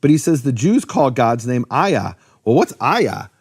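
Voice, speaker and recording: A man teaching in casual talk, lively, with many fillers and restarts. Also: medium pitch, measured pace, breathy edge. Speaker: Bible teacher.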